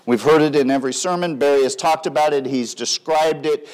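A man preaching a sermon, swinging between loud emphatic lines and soft, quiet drops. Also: a little high, brisk. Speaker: pastor.

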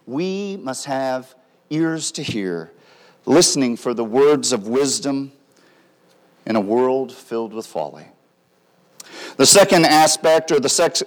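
A man preaching a sermon, swinging between loud emphatic lines and soft, quiet drops. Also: medium pitch. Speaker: pastor.

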